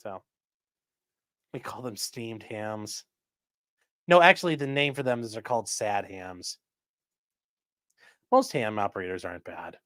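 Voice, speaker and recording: A man's voice: fairly low pitch, fairly bright tone, no echo, clean studio sound. A man hosting a casual livestream, chatting loosely and reading viewer comments aloud. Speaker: livestream host reading chat.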